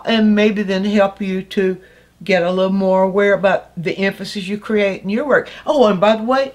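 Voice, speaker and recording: An older woman explains painting ideas as an art teacher in a relaxed, conversational lesson. She talks thoughtfully, pausing on fillers and restarting sentences as she works out her point. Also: mid-range voice.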